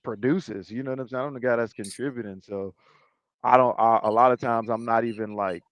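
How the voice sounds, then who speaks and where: A man guesting on a video call, talking casually about his work with halting restarts and laid-back slang. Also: medium pitch, steady tone, no room sound. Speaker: interview guest, battle rapper and league owner. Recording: dull lo-fi video call audio.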